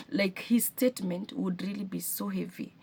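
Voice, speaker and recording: A woman's voice: mid-range voice, fairly even intonation, measured pace, creaky, husky. Earnest Kenyan woman telling a painful story. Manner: emotional, earnest retelling with frequent restarts. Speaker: single mother vlogger. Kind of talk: personal storytelling to camera.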